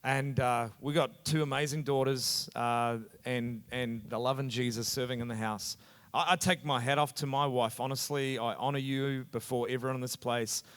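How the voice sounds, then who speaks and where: A middle-aged New Zealand pastor with a New Zealand accent talks earnestly on stage in a casual conversation in a church hall. His mid-range voice is fairly even, bright and clean, at normal speed, with echoey hall reverb around it.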